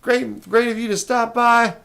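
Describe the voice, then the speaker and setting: A man's voice: very high voice, level tone, a little slow, vocal fry, a bit bright, clean tone, pitched above the performer's own voice, full character voice. A man mocking a peppy YouTuber. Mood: over-excited. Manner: exaggerated upbeat inflection. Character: peppy hyped-up male YouTuber greeting viewers.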